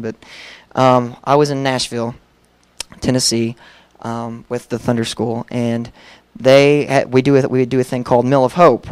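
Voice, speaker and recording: A man's voice: mid-range voice, clear, resonant tone, no room sound. A young man preaching a personal testimony, telling his story candidly and acting out the dialogue, with many fillers.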